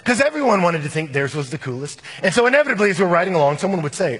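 A middle-aged male pastor preaching a sermon, telling a personal story with animated, acted-out voices in a church sanctuary. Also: sits high, racing, few pauses, slightly rough, big-room sound.

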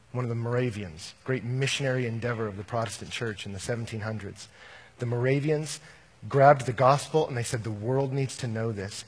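A man preaching a sermon as a pastor, telling personal stories, swinging from animated to quiet and intimate. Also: medium pitch, husky.

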